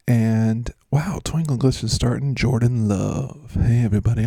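A man's voice: medium pitch, normal speed, vocal fry, few pauses, mellow, no echo, studio quality. A man hosting a casual fantasy football breakdown, joking, rambling and mocking himself as he goes.

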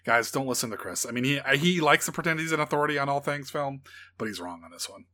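Guy cohosting a movie podcast, bright voice, excited and teasing. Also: mid-range voice, fast. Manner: enthusiastic, teasing, laughs easily. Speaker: podcast co-host. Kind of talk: casual film chat.

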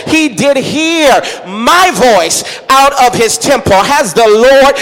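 A woman pastor preaching a sermon in a rhythmic style, calling out to the congregation and building to shouts. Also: high voice, expressive, takes it slowly. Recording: echoey hall with long reverb.

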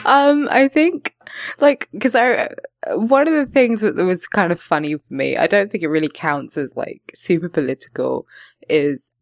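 Woman, low voice, dry close mic, sarcastic casual podcast chat. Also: normal speed, no room sound. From not from London. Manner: animated, sarcastic, swears casually.

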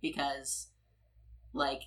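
A woman's voice: very deep voice, level tone, drawn-out words. A woman co-hosting a podcast, talking casually about a horror film with lots of fillers. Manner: casual, many fillers, laughs easily. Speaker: podcast co-host.

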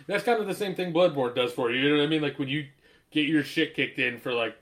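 A man's voice: a little high, fast, fairly bright tone. A married man in casual conversation as a podcast co-host, telling stories animatedly, swearing and laughing often. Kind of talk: casual chat.

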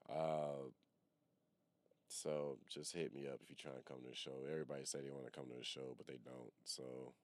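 Very deep-voiced laid-back man. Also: fairly quick, no room sound. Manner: relaxed, loose, swears casually, trails off with ums. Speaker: podcast host. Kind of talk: casual podcast chat.

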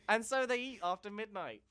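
A man's voice: sits high, a little slow, fairly bright tone, smooth. Stammering, laughing male comedy podcaster. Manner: stammering repetitions, frequent laughs. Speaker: podcast co-host. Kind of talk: casual comedic storytelling.

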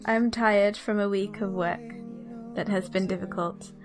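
A woman's voice: mid-range voice, steady tone, measured pace, music in the background. A woman co-hosting a comedy podcast, silly and mock-grand, with a scratchy throat. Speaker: podcast co-host. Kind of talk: casual comedic chat.

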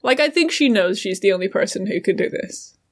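A woman's voice: medium pitch, animated, a little fast. A woman co-hosting a podcast, musing over a story in casual chat with many fillers. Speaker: podcast co-host.

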